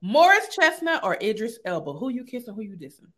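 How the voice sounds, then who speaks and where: A woman hosting a casual talk show, playful and quick to laugh. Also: a little high, sing-song, fairly bright tone. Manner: playful, laughs often, sing-song plugs. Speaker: podcast host. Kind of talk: casual interview chat.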